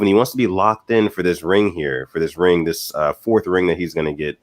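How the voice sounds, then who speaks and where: A man's voice: low-pitched, fairly quick, no echo. A man in casual podcast chat who talks in a laid-back way and fills his speech with "you know what I'm saying.".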